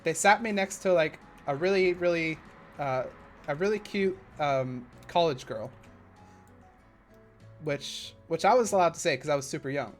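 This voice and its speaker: A man streaming a park-building game live, chatting casually and rambling into side stories while he builds, with sudden excitable bursts. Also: a little high, normal speed, soft background music.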